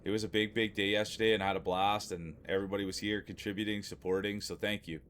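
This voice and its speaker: A man chats away on a home live stream, greeting viewers by name in a friendly, rambling way and circling back to repeat himself. His voice sits fairly low. A faint hum of room ambience hangs behind him. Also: little pitch movement, fast, a bit bright. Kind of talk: casual chat with live viewers.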